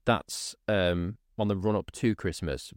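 A man hosting a podcast, telling stories in casual chat with animated repetitions. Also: deep voice, measured pace, dry recording, clean studio sound. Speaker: podcast host. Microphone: studio microphone.

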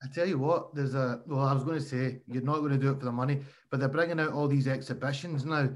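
A man hosting a casual interview, relaxed and supportive, with some hesitant restarts. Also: medium pitch, fast talker.

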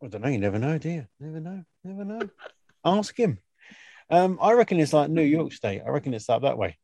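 A man muses through a quiz answer in an easygoing way. His voice swings lively up and down, and the sound is dry and close. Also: fairly high pitch, brisk, vocal fry, no echo. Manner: musing, easygoing, thinks aloud. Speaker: quiz contestant. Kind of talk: casual podcast quiz banter.

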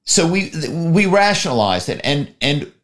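A middle-aged man, a guest on an interview show, telling lively stories and acting out phone calls. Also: on the high side, unhurried. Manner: animated, acts out calls. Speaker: guest, former corporate spy and actor. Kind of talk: storytelling in an interview.

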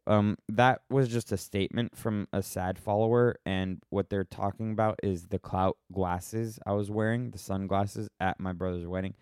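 A somewhat low-pitched American man talks casually on his own podcast, wandering from thought to thought and often cutting himself off mid-sentence. His tone is wry and offhand. The sound is close and dry, with no room around it. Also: steady tone, moderate pace, hardly any pauses, darkish tone, smooth, dry recording. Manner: rambling, self-interrupting, wry. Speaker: podcast host answering questions. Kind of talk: casual solo podcast chat.

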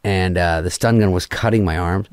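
A film director, appearing as a guest in a casual interview, spins a long story while swearing heavily and acting out what the people in it said. His voice sits low and moves at a moderate pace with a clean tone, recorded dry with clean studio sound. He comes across animated and profane.

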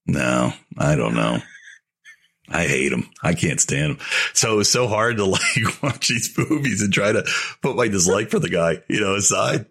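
Husky animated podcast man. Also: low voice, normal speed. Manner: blunt, animated, swearing. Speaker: podcast co-host. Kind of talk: casual chat.

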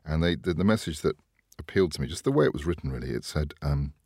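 A man hosting a casual chat show, talking in a chatty way, laughing often and trailing off quietly. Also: a bass voice, lively intonation, fast, no echo, clean studio sound. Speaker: podcast host.

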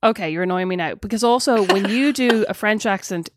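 An Irish woman co-hosting a podcast in casual chat, blunt and quick to swear. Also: mid-range voice, background noise. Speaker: podcast co-host.

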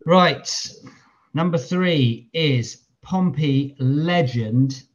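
Slow, dry-humored man co-hosting. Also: a little high, breathy edge, lo-fi sound. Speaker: podcast co-host. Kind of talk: casual quiz banter.

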